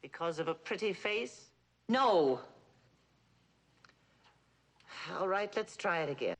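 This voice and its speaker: A woman's voice: on the low side, animated, moderate pace. An actress playing a domineering, dying wealthy old mother in a 1960s TV drama, with a cutting, theatrical manner. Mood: commanding. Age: older.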